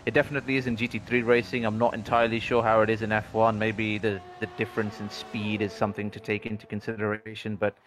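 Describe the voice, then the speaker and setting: A man's voice: on the low side, little pitch movement, fairly bright tone. Man calling a sim race qualifying. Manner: measured, analytical play-by-play. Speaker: sim racing commentator. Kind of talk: race commentary.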